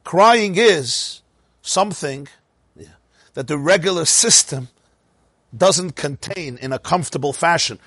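A middle-aged man teaching a Torah class with a slightly high, husky voice. He talks in an animated way, throwing out rhetorical questions and doubling back on his words. The sound is dry and close, with little room around it. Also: a little slow, pauses often, no room sound. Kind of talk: Torah lecture.

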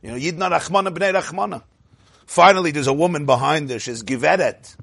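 A man giving a lively storytelling talk, laughing often and shouting out his punchlines, with Yiddish and Hebrew phrases mixed in. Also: on the high side, brisk, vocal fry, breathy edge, no room sound. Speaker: Torah speaker.

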